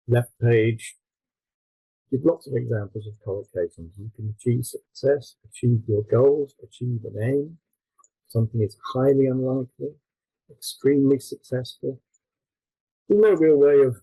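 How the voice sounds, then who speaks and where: A man presenting his textbook at a conference, explaining with fillers and quick self-corrections. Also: mid-range voice, mellow, breathy edge, dry recording, rough recording.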